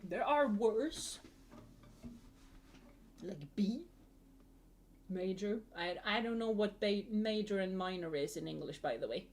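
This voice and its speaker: Young female streamer, mellow tone, rambling chatter, faint background hiss. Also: medium pitch, animated, takes it slowly, long pauses. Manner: chatty, laughs often, rambling. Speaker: vtuber streamer. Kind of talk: casual chat to a live chat.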